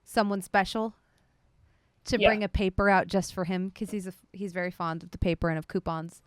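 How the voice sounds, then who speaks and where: A woman narrating as game master in a relaxed way, with plenty of fillers. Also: mid-range voice, brisk.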